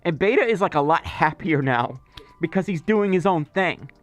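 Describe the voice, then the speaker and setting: Hosting a relaxed livestream, this man chats loosely at a moderate pace, his fairly high voice expressive, with faint music behind him. He reads out viewer messages and wanders through filler words and side comments.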